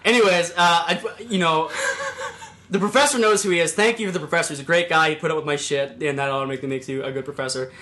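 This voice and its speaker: A young man hosting a casual podcast, rambling through a story with lots of fillers and sudden loud put-on voices. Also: fairly high pitch, quick pace. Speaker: podcast host. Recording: echoey room.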